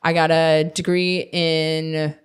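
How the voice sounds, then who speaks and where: A woman in her thirties from Minnesota, a dog trainer telling her story as a guest in a casual interview, chatty with quick asides. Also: low voice, little pitch movement, clear, resonant tone.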